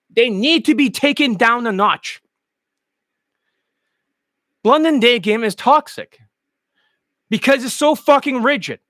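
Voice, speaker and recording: Heated, high-pitched male ranter. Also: a bit bright, dry recording. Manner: heated, mocking, heavy swearing. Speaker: dating coach. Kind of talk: profane ranting monologue.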